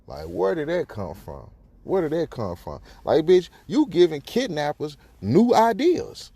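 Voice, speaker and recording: A man's voice: on the high side, a little slow, vocal fry, breathy edge, no echo. A man hosting a podcast, giving his blunt, profane take on a news story in casual talk. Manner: profane, animated, rhetorical. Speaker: podcast host.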